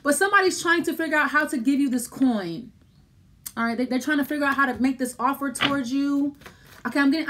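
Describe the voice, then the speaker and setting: Woman tarot reader, high voice, casual, rambling and repetitive, talks right to the listener. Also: fairly bright tone. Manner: rambling, repetitive, thinking aloud while pulling cards; addresses the listener directly and reassuringly. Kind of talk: casual tarot card reading.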